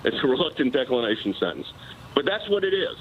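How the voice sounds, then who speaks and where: A man's voice: mid-range voice, big pitch swings, fast, highs cut off, a little hiss or hum. A man, a personal attorney, arguing his case insistently in a live TV news interview. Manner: insistent, argumentative legal explanation.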